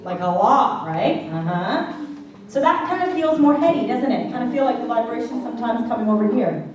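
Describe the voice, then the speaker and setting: A woman's voice: a little high, expressive, a little fast. A woman vocal coach teaching a worship singing class, chatty and playful, singing short examples of each point. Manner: demonstrates by singing vocal exercises. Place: classroom or church hall. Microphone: handheld mic. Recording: echoey room from far off, faint background noise.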